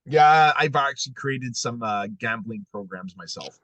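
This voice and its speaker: A man's voice: mid-range voice, expressive, unhurried, fairly bright tone, dry recording, dull audio. A man interviewing a guest in casual podcast chat, full of crude jokes. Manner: crude joking banter.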